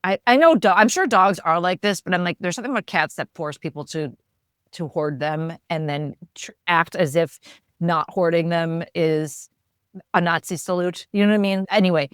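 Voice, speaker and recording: Low-voiced wry middle-aged woman. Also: normal speed, clear, resonant tone, dry recording, studio quality. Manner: wry, opinionated storytelling. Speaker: podcast co-host. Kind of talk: casual chat.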